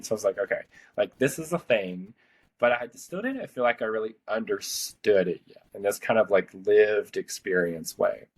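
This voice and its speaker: A man around thirty, a podcast host, telling a personal story in casual, rambling talk full of "like". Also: lowish voice. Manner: chatty, rambling, heavy use of "like".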